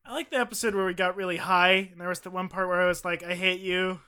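Goofy co-host dude, pretty high bright voice, smooth and clear. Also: male voice, fast. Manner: goofy, riffing. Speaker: podcast co-host. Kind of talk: casual chat.

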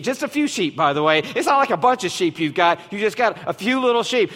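Male pastor, high voice, deliberate emphatic sermon delivery, long hall echo. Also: expressive, fairly bright tone. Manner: slow, emphatic preaching with dramatic pauses.

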